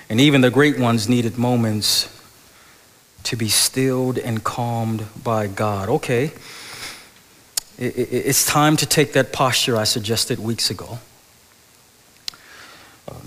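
A middle-aged male pastor preaching a sermon, moving between loud animated stretches and soft, hushed passages, in a church sanctuary. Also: medium pitch. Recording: large hall with long reverb.

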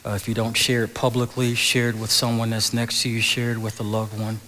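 A man's voice: mid-range voice, monotone, fairly quick, bright, forceful tone, slight background noise. A man preaching a conversational sermon as a pastor, often repeating his words and dropping to a whisper on key phrases. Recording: long hall reverb.

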